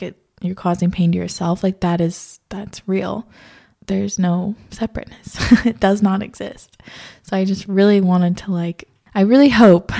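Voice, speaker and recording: Casual, gravelly-voiced woman vlogger. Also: medium pitch, warm tone. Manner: rambling and candid, peppered with "like" and swearing. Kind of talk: casual chat.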